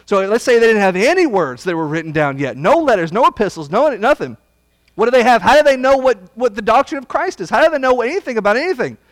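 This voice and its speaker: A man preaching a Bible study sermon, blunt and folksy, swinging from loud emphasis to hushed asides. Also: extremely high pitch, sing-song, fast, no echo.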